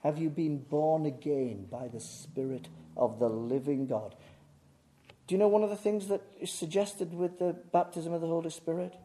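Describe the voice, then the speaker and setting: A man preaching a sermon, swinging from booming emphasis to hushed, intense delivery. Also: normal speed.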